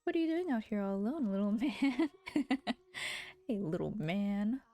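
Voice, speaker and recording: A woman's voice: medium pitch, sing-song, normal speed, warm tone, natural voice. A woman voicing a peppy, determined young foreign woman who talks earnestly and stammers when flustered.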